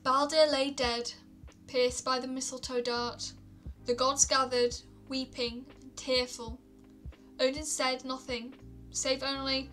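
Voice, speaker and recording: A woman reading myths aloud on a stream, calm, with small stumbles and restarts. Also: high-pitched, slow, soft background music. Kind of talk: storytelling read-aloud.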